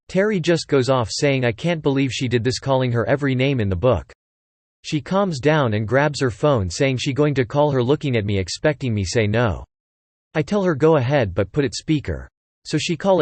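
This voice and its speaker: A man narrating a first-person story in a steady, plain voice, retelling the dialogue as he goes. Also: medium pitch, no room sound.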